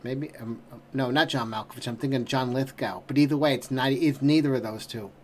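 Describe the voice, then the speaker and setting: A man's voice: medium pitch, a little fast, a little hiss or hum. A middle-aged man hosting a trailer reaction, ranting in exasperation and swearing constantly. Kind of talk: profane ranting commentary.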